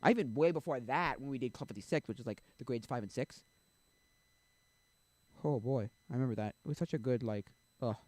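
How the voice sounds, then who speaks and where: A man's voice: medium pitch, fairly quick, a little mellow, dry recording. A young man streaming, chatting casually and rambling, often losing his train of thought. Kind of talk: casual chat.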